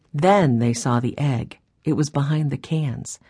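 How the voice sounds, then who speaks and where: A woman narrating a children's audiobook with clear, expressive storytelling on a close mic. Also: very deep voice, unhurried.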